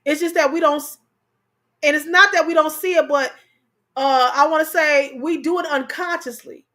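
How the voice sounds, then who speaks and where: A woman's voice: sits high, fairly even intonation, normal speed, bright, forceful tone. A woman co-hosting a casual chat, telling stories animatedly, repeating phrases for emphasis and talking straight to her audience. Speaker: co-host.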